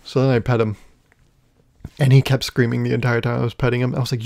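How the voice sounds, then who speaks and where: A young male podcast host with a gravelly, fry-edged voice at an ordinary pitch for a man. He talks alone to his listeners and rambles through self-mocking comic stories, often chuckling at his own jokes. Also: fairly even intonation, brisk, a little mellow. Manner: rambling, self-deprecating storytelling with frequent laughs. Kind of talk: comedic solo podcast monologue.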